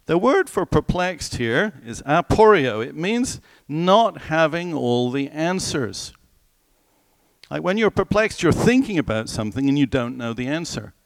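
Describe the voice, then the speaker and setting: A man delivers a sermon in an easy, conversational way, often putting questions to his listeners. His pitch rises and falls a lot, and he slows right down whenever he quotes scripture. The sound is dry and close. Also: dry recording. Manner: animated, conversational, asks the congregation questions. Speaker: preacher.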